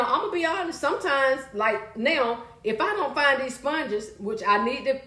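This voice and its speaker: A woman hosting a casual live stream, chatty and loud, calling out to viewers and reading their comments. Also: a little high, roomy sound.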